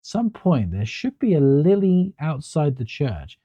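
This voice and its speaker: A man's voice: a little high, big pitch swings, unhurried, warm tone, no echo, dull audio. A man streaming a game, casually commenting with sarcastic jokes and swearing.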